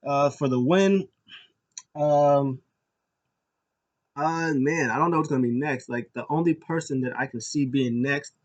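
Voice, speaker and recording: Guy rambling thru a casual recap, lots of uhs and restarts, real excited fan energy. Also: medium pitch, a little slow, long pauses. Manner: rambling, full of fillers and restarts; enthusiastic fan. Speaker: podcast host.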